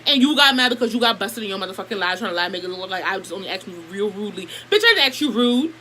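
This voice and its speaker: A woman's voice: medium pitch, very fast, a little hiss or hum, poor audio. A young woman telling a family story to her camera in a casual, profane and heated way. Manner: profane, animated, heated retelling. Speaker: vlogger.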